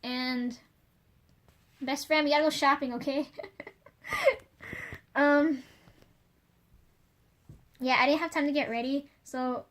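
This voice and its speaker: A woman's voice: high-pitched, steady tone, slow pace, long pauses, a bit bright. A young woman venting in a casual vlog, rambling with lots of fillers and frequent swearing. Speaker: vlogger. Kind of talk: casual confessional rant.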